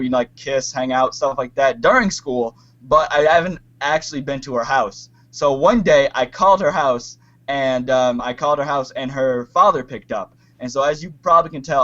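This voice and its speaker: A young man telling a long personal story on a call, hesitant with many pauses and fillers. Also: medium pitch, a bit bright. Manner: hesitant, many ums, acts out quotes. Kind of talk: casual storytelling. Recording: muffled lo-fi call audio.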